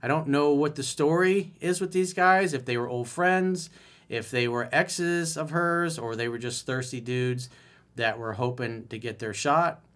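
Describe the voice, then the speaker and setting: A man's voice: medium pitch, a little slow, fairly bright tone. A man giving dating advice as a coach in a solo video, reading a viewer's email aloud and commenting on it bluntly and emphatically.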